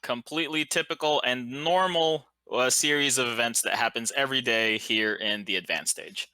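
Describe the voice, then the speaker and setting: A man running a tabletop role-playing game, describing the world in a loose, casual way full of fillers and slow dramatic beats. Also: medium pitch, bright, forceful tone, clean tone, dry recording. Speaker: game master.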